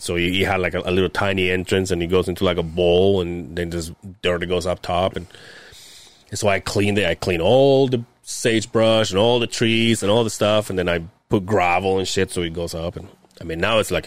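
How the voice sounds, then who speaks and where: Telling meandering stories about his job as a heavy equipment operator, this podcast co-host swears a lot, laughs frequently and leans on fillers in casual conversation. He has a low, steady voice, speaks a little fast, and there's no echo.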